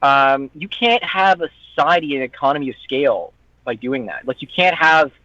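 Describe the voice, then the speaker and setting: A man's voice: on the high side, expressive, normal speed, sharp tone, no room sound. A man, a guest who makes online content, chatting on a podcast in a heated, profane, ranting way and mimicking people in mocking voices. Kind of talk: casual podcast chat. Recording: dull lo-fi dry audio.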